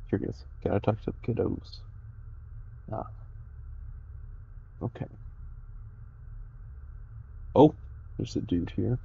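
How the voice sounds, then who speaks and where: Gravelly man mumbling game commentary. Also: on the low side, takes it slowly, pauses often, dark tone, muffled recording. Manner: casual, muttering to himself. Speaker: gaming youtuber. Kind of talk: let's play commentary.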